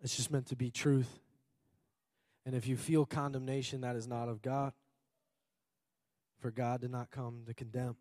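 Here a Minnesota pastor gives an earnest sermon in a medium-pitched, a little mellow voice, his delivery flat at normal speed with long pauses. He repeats phrases for emphasis and sometimes laughs. The studio-quality recording has no room sound.

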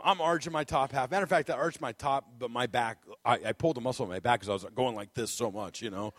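Animated higher-voiced man preaching, dry sound. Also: normal speed, no room sound. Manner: animated storyteller, laughs often, acts out moments. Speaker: guest preacher. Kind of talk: sermon with a comic personal story.

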